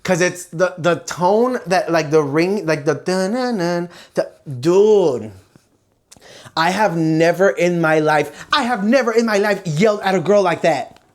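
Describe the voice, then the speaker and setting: Animated bilingual vlogger. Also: medium pitch, a little slow. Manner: animated and expressive, imitates ringing sounds. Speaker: vlogger host. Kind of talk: casual storytelling chat switching between Spanish and English.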